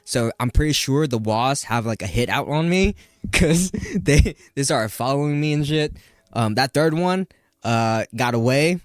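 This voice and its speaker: A man's voice: mid-range voice, dry recording, studio quality. A man co-hosting a podcast, telling stories in a brash, laughing, casual way. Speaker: podcast co-host. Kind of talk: casual chat.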